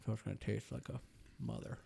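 A man's voice: lowish voice, fast, vocal fry, dark tone, slightly rough. A young man co-hosting a podcast, chatting casually and animatedly while tasting cheese in a studio, often laughing and talking with his mouth full. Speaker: podcast co-host.

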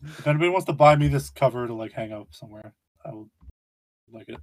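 A man's voice: medium pitch, expressive, quick pace. A young man with a mid-range voice co-hosts a casual podcast. He sounds laid-back and a bit hesitant, and drops dry remarks. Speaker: podcast co-host.

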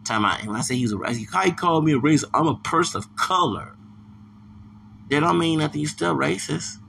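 A man with a heavily gravelly, fry-laden voice and a forceful, tense edge rants heatedly on his own podcast. He vents in circles, coming back to the same points. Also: fairly high pitch, expressive, a little fast, a little hiss or hum. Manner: heated, ranting, repeats himself. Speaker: podcast host. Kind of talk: angry monologue rant.

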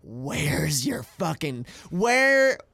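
A young man co-hosting a podcast, telling stories in a profane, excitable way while reacting to videos. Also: a little high, very slow, vocal fry. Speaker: podcast co-host. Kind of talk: casual chat reacting to videos.

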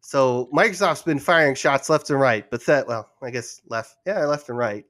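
A man's voice: medium pitch, moderate pace, a bit bright. A young man hosting a casual gaming podcast, nervous and laughing often at himself. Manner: nervous, laughing, self-deprecating. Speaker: podcast host.

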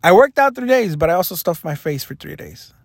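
A man's voice: sits high, sing-song, brisk, gravelly, dry recording. Earnest young man confessing on a vlog. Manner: earnest, self-critical, reflective. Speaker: vlogger.

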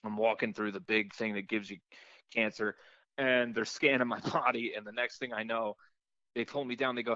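Animated storytelling man, bright dry voice. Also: medium pitch, a little fast, no echo, muffled recording. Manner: animated storyteller, swears a lot, acts out voices. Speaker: podcast co-host. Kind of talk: casual chat.

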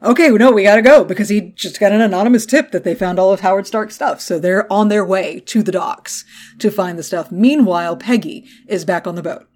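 Animated woman recapping a TV episode. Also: mid-range voice, brisk. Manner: animated, swears freely, acts out quotes. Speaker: podcast co-host.

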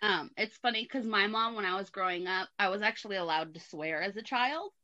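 A woman's voice: medium pitch, a little fast, bright, forceful tone. A woman on a podcast who works with middle schoolers, chatting casually and making dry, joking asides. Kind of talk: casual chat. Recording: muffled lo-fi sound.

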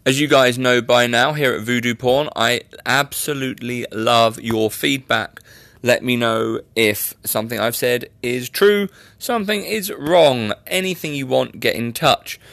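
A man's voice: mid-range voice, measured pace, vocal fry, a bit bright, dry recording. A young man hosting a casual solo podcast, chatty and rambling with self-mocking asides. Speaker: podcast host.

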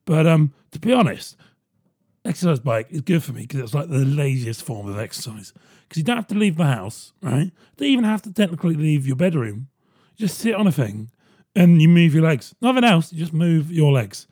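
A man's voice: on the high side, sing-song, a little fast, darkish tone, husky. A man hosting his own podcast in a rambling, sardonic monologue, swearing freely. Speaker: podcast host. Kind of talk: casual solo podcast monologue.

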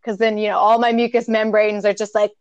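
A woman's voice: medium pitch, flat delivery, fairly quick, no room sound, muffled recording. A young adult woman co-hosting a podcast in casual chat, talking candidly, swearing freely and laughing often. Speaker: podcast co-host.

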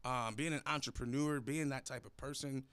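A young adult man hosting a podcast interview, talking casually and telling lively stories. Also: medium pitch, normal speed, smooth, no echo. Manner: animated storytelling, acts out quoted voices. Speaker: podcast host.

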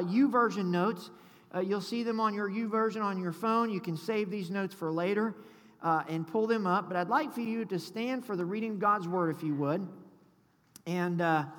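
A man's voice: high voice, a bit bright. A man preaching a sermon as pastor, fervent and full of call-and-response to the congregation, often stumbling and restarting. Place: church sanctuary. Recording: echoey church with long reverb.

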